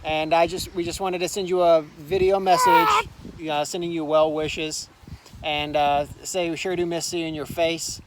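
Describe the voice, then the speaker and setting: Man with a higher voice, friendly and casual, speaking outdoors in a park. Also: big pitch swings, a little slow, very noisy. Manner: friendly, with frequent fillers. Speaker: former youth group member giving a tribute. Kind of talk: recorded video message.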